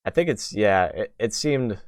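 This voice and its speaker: A man's voice: on the low side, animated, unhurried, dry recording, clean studio sound. A young man hosting a casual gaming podcast, talking in a rambling way full of "like" and restarts. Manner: rambling, many fillers and restarts. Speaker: podcast host.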